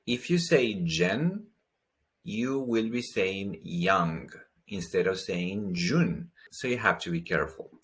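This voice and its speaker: A man's voice: low voice, animated, measured pace, fairly bright tone. A man teaching pronunciation in a patient way, saying each word twice and explaining the sounds. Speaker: language teacher. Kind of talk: slow pronunciation lesson.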